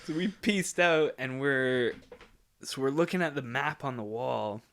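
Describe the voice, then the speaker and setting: Young male podcast host, average pitch. Lively, relaxed storyteller. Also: measured pace. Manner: animated storyteller who acts out quotes. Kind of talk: casual podcast chat.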